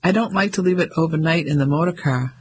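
A woman's voice: low-pitched, quick pace, slight background noise, natural voice, low-quality recording. A man voicing a poised, genteel lady traveller who speaks politely and with composure. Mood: composed.

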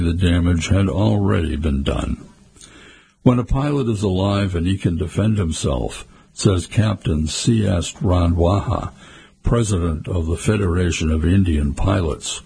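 Deep, dark-voiced male news narrator. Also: gravelly, slightly rough. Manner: measured, formal reading.

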